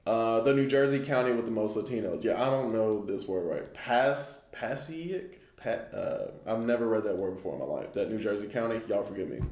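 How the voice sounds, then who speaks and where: A man's voice: fairly low pitch, a little fast, few pauses, a little mellow, reverberant. A man giving a casual lesson on the news, talking it through conversationally and often checking in with listeners. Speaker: Bible class teacher.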